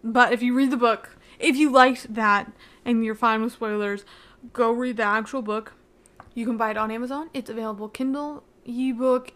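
A woman's voice: on the high side, a bit bright. A young woman hosting her own podcast, recapping a book in a rambling, gushing way full of "like.". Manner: rambling, gushing, heavy use of "like". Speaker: podcast host.

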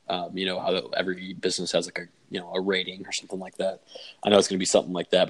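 A young man hosting a casual podcast, laid-back and chatty, swearing and using lots of filler words. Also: low voice. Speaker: podcast host. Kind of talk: casual chat.

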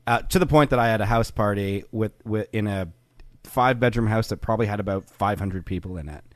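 A man speaks as a comedian guest on a podcast, rattling off stories at a quick clip. His voice sits a little low, and he often laughs as he explains. The recording is close and dry. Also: dry recording. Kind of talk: casual comedy podcast banter.

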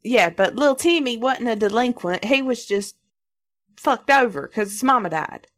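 A woman's voice: a little high, animated, moderate pace. Woman, thirties, casual podcast chat, swears a lot, laughs, mimics voices. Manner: swears freely, laughs often, acts out quoted voices. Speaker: podcast co-host.

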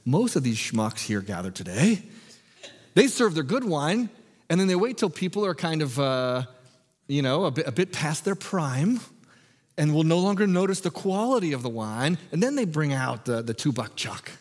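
A man's voice: on the high side, big pitch swings, moderate pace, big-room sound, pitched above the performer's own voice. A man voicing a delighted male head waiter at a feast, exuberant and mocking the other hosts. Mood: gushing praise.

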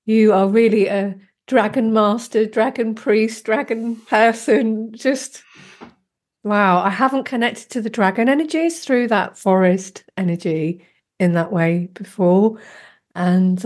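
A woman's voice: mid-range voice, fairly even intonation, slow, darkish tone. A woman hosting a podcast, reacting with effusive enthusiasm and asking her guest questions. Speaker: podcast host. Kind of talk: conversational interview.

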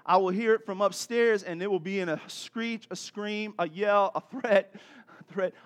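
A male pastor delivering a sermon in a bright, high-pitched voice. He preaches like he is chatting with the congregation, telling lively stories and laughing often. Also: normal speed. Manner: animated storytelling preacher, acting out voices.

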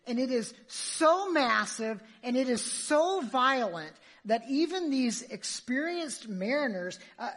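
A woman's voice: high voice, fairly bright tone. A woman preacher giving an emphatic sermon, full of rhetorical questions to her listeners.

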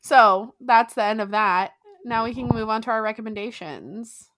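A woman's voice: fairly high pitch, moderate pace, dry recording. A young woman co-hosting a podcast, chatting casually, laughing often and swearing freely. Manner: giggly, swears freely, lively. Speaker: podcast co-host. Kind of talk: casual chat.

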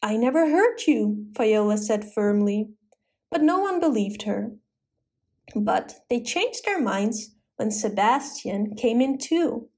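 A woman's voice: mid-range voice, expressive, slow pace, a little mellow. Woman narrating a storybook tale.

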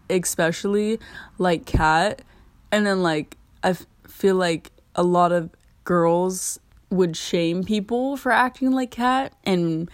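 A woman's voice: fairly low pitch, no echo. A teenage girl hosting a casual solo podcast, rambling with constant "like" fillers. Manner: rambling, heavy use of "like" fillers. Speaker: podcast host.

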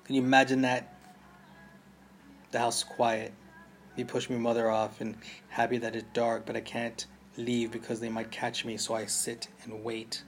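A Jamaican man reading a story aloud with steady intensity, his pitch held flat and even. He sits in the middle of the male range, with a faint ambient hum under his voice. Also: moderate pace. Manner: intense, mimics gunshot sounds. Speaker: narrator. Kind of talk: audiobook narration.

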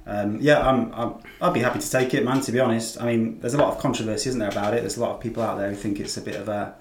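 A man's voice: fairly low pitch, steady tone, very fast, a little hiss or hum. A man co-hosting a casual podcast chat, chatty and full of hedging fillers. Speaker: podcast co-host. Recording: echoey room.

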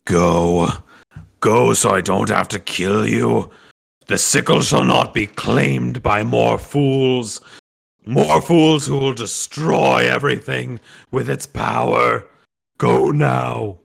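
A man's voice: mid-range voice, exaggerated voice. A man voicing a menacing male ghost that possesses a body and guards a cursed sickle, speaking in solemn, threatening pronouncements. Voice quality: gravelly, slow and looming. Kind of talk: game master voicing a creature.

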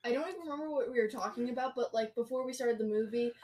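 Woman chatting about movies, kinda high voice, far from mic, noisy bg. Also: very fast, a little mellow. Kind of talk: casual movie chat. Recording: distant from the mic with noise.

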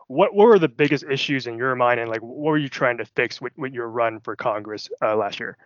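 A man's voice: mid-range voice, brisk, no room sound. A man hosting a casual podcast, joking and asking questions with many restarts. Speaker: podcast host. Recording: dull dry lo-fi sound.

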